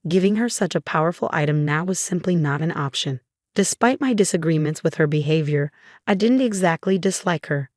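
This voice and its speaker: A woman reading a first-person story as narrator, in an even, measured way. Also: low voice, dry recording, studio quality.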